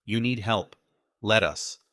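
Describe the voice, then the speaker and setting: A man's voice: fairly low pitch, slow pace, fairly bright tone, no echo, clean studio sound. A male audiobook narrator voicing a tough woman agent who speaks in urgent, commanding bursts.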